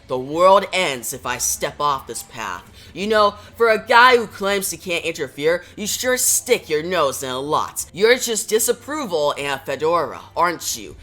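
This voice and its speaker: A man's voice: fairly high pitch, very animated, a little slow, hardly any pauses, bright, forceful tone, exaggerated voice. A man voicing a cynical, secretive male occult detective with dry, sardonic lines in a comic reading.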